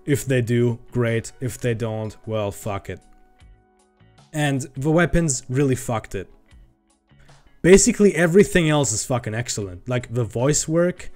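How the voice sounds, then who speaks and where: Guy ranting on his stream, swears a lot, mid-pitch, some music quiet in the back. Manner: profane, ranting, gets heated and loud. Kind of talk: casual livestream chat. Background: faint background music.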